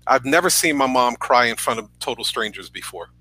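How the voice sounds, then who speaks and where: A man's voice: mid-range voice, animated, a little fast, pushed and bright, no echo, poor audio. A man in his thirties from New York, a podcast guest earnestly telling a personal story over a video call, often checking in with "right?". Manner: earnest, tag questions with "right?".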